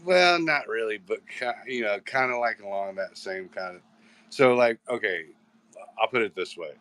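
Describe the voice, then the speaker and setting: A man with a low voice rambles his way through a casual live-show chat, swearing freely and stopping to restart his sentences. The recording is dry and close, with no room sound around him. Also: normal speed, fairly bright tone, no echo. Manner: rambling, profane, restarts often. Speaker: host.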